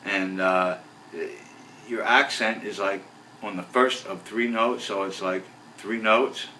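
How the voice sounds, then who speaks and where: Low-voiced man teaching bass, roomy. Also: takes it slowly, slight background noise. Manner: relaxed, rambling explanations with fillers, counts beats aloud. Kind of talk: casual video lesson. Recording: roomy, voice from a distance off the mic.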